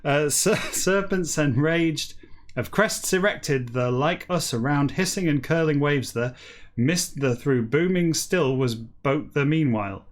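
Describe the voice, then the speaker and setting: A man hosting a comic show, reading a text backwards in a deadpan voice and breaking off for dry, self-mocking asides. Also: on the high side, measured pace. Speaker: host reading a novel backwards.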